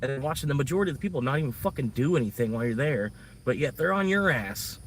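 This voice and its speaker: A man's voice: mid-range voice, expressive, rapid-fire, distant mic, slight background noise. Profane, rambling man venting outdoors. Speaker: livestreamer. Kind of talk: casual venting monologue.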